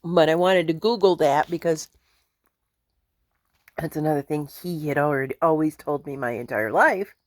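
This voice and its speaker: A woman's voice: low voice, normal speed, pauses often, dry recording. A woman vlogging at home in a casual, rambling way, chuckling often as she talks. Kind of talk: casual chat to camera.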